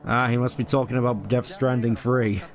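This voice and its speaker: A man's voice: mid-range voice, steady tone, normal speed, soft background music. A man streaming a video game, rambling in casual commentary and reading item names aloud.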